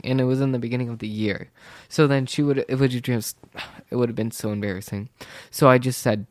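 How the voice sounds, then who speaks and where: A man's voice: mid-range voice, little pitch movement, a little fast, smooth, dry recording, studio quality. Rambling teen boy telling a school story. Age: teens. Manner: rambling, quotes people with "I was like"; self-described sensitive. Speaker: vlogger. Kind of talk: casual storytime.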